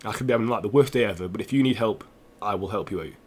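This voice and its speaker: Tearful young man, halting. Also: fairly low pitch, darkish tone, husky. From England. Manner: earnest, halting, with restarts and repeated phrases. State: tearful, close to crying. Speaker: gaming streamer. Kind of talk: emotional personal address to stream viewers.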